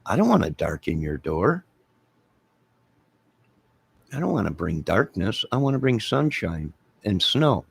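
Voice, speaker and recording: A man's voice: fairly low pitch, very animated, a little slow, gravelly, long pauses, slightly rough. A man casually chatting with his viewers in a rambling, playful, jokey way. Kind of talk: casual live chat.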